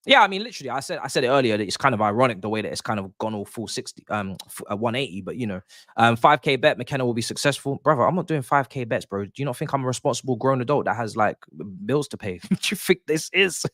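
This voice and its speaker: A man's voice: mid-range voice, lively intonation, quick pace, a bit bright, no echo, studio quality. A young man hosting a livestream, ranting in exasperation about his football club, swearing often and repeating himself as he makes his point. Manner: repeats and restarts phrases. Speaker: livestream host. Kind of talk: casual livestream commentary.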